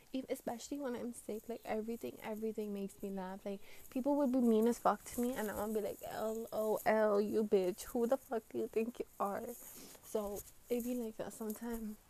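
A woman's voice: medium pitch, warm tone. A young woman with a runny nose, rambling casually with a lot of slang, swearing and filler words. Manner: profane, slangy, full of fillers. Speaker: vlogger.

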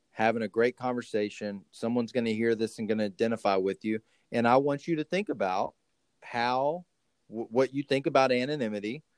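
A man from Texas hosting a casual recovery podcast from home over a call, telling stories in an animated way with many restarts. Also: mid-range voice, dry recording. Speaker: podcast host.

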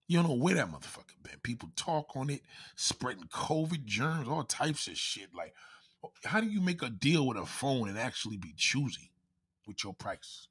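Man, husky, lively up-and-down pitch, profane comedic rant, acts out other voices. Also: moderate pace. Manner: animated, swears constantly, acts out quoted voices.

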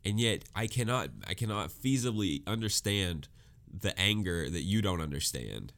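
A man's voice: low voice, expressive, moderate pace, a bit bright. A man co-hosting a casual chat, talking animatedly, acting out quoted voices and laughing often. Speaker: podcast co-host.

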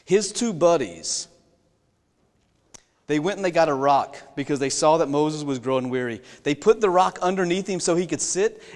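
A man's voice: high voice, darkish tone. A man preaching a sermon, retelling a Bible story in a folksy way with jokey asides and questions to the congregation. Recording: long reverb in a large hall.

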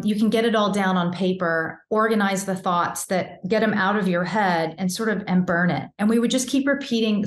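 A woman in her fifties, a vocal coach, telling a personal story in a candid, animated way during a casual interview. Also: medium pitch, echoey room.

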